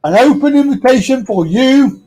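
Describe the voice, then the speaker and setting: A man's voice: extremely high pitch, expressive, moderate pace, mellow, low-quality recording. A British man hosting a live stream, talking casually and bluntly with lots of swearing.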